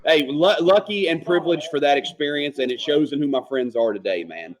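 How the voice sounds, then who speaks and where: A former Marine telling profane, animated service stories on a casual podcast. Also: male voice, on the high side, brisk, rough recording. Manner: profane, animated storyteller acting out quotes.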